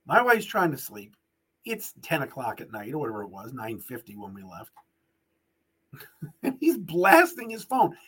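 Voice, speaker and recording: A middle-aged man hosting a podcast, telling a story in an animated, ranting way. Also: mid-range voice, moderate pace, pauses often, breathy edge. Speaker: podcast host. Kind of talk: casual podcast monologue and ad read.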